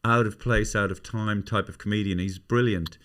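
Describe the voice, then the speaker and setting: Irish male podcast host, fairly low, loose sweary talker who restarts his sentences. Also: steady tone, moderate pace, a bit bright. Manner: rambling, sweary, restarts often. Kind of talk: casual family chat.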